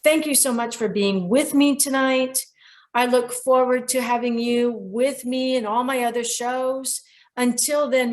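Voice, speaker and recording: An older woman hosts a radio talk show on dreams. She tells a client's story with feeling and lively quoted voices. Her voice sits a little high for a woman. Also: unhurried. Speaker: show host, dream expert.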